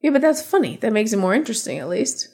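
A woman's voice: a little high, big pitch swings, fast, a little mellow, slightly rough. A woman co-hosting a podcast, talking casually with a nasal, stuffed-up voice from a cold, wry and self-mocking. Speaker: podcast co-host. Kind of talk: casual chat.

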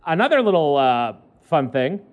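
A man's voice: on the high side, sing-song, moderate pace, phone-quality sound, slight background noise. A man co-hosting a casual talk show, joking as he reads an odd news story aloud and trips over words. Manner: joking, stumbles over words while reading. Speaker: podcast co-host.

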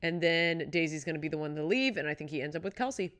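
A woman's voice: low voice, lively intonation, quick pace, fairly bright tone. A young woman co-hosting a casual chat podcast, retelling moments with dramatic exclamations. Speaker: podcast co-host.

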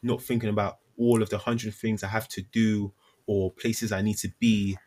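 A man in casual chat, relaxed and chipping in with jokey acted quotes. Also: fairly low pitch, moderate pace.

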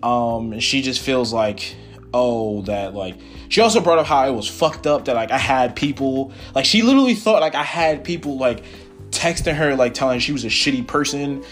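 Brief young male podcaster, mid-pitched, swearing, rambling through a personal story, soft guitar underneath. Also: normal speed. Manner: animated, profane, rambling retelling with many fillers. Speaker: podcast host. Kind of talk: casual solo storytelling.

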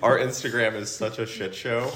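A man co-hosting a podcast, chatting casually and telling wry stories with quick asides. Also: mid-range voice, fairly even intonation, fairly bright tone. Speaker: podcast co-host, social media manager. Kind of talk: casual chat. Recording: roomy.

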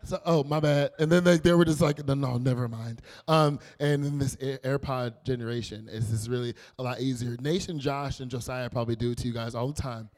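A man's voice: mid-range voice, fairly quick, few pauses. Playful young man preaching to youth. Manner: animated, playful storytelling with acted quotes. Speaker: youth pastor. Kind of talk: casual youth sermon.

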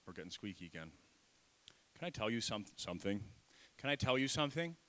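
A man's voice: on the low side, lively intonation, fast. Impassioned male pastor preaching. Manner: impassioned, building to loud emphatic peaks then dropping soft. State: tearful, nose running. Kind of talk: sermon.

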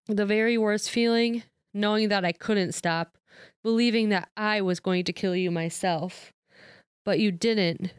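Woman reading a quiet, anguished male vampire from a novel; smooth tone, dry sound. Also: medium pitch, dry recording, lightly acted. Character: brooding centuries-old male vampire, tormented.

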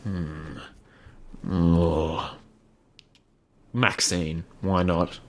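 A man co-hosting a podcast, with a fairly low voice. He chats in a laid-back, joking way and likes to tease. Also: little pitch movement, drawn-out words. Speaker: podcast co-host. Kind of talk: casual chat.

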